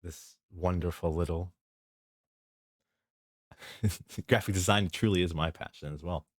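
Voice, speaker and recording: Speaking low and at a measured pace, a young man chats on a casual live stream as a vtuber, recorded with no room sound. He's giggly and quick to laugh. He introduces himself in a mock-grand, playful way.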